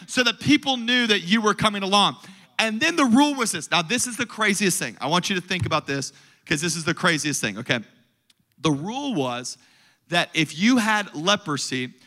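Pastor, male, high bright voice, animated sermon delivery that rises to loud declarations and drops to low asides.

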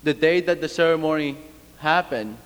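A man's voice: a little high, normal speed, clean tone. A man from Cuba giving an earnest, reflective personal talk, with fillers and restarts. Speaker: speaker. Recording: long reverb of a hall.

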